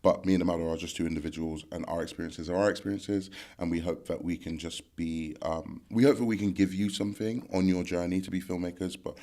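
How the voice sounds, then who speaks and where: Deep-voiced rambling young man. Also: fast, hardly any pauses. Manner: rambling, relaxed, full of fillers and "like". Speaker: podcast co-host. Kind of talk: casual chat.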